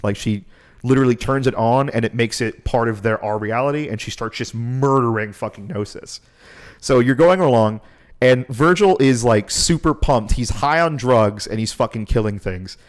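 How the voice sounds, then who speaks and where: A man co-hosts a podcast, rambling through a casual, profane recap of a game. He swears freely and breaks into laughter often. His voice sits at an ordinary middle pitch. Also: moderate pace. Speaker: podcast co-host.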